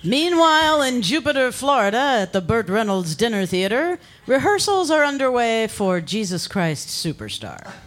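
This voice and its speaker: A man's voice: very high-pitched, sing-song, normal speed, hardly any pauses, a bit bright. A man announcing a radio comedy show, wry and talking straight to listeners. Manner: wry, addresses listeners directly. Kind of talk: comic announcing.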